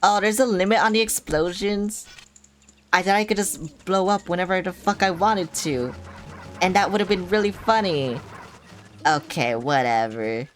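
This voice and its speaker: A woman's voice: lowish voice, moderate pace, a little hiss or hum. A woman streamer giving live gameplay commentary, chatty and sarcastic, with frequent swearing and asides to herself.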